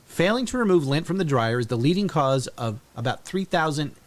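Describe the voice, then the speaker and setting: A man's voice: fairly high pitch, lively intonation, brisk. A man, co-hosting a casual podcast and running through household safety facts in a matter-of-fact way. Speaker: podcast co-host. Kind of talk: casual chat.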